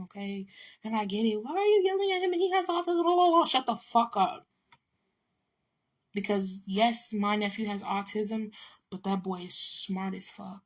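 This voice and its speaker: A woman in telling a personal story to camera, blunt and emotional, swearing freely and repeating her words. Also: medium pitch.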